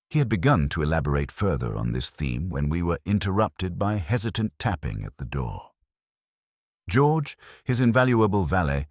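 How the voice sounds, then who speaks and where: A man narrating a story in the first person, in a measured, formal way. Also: extremely low pitch, dry recording, studio quality.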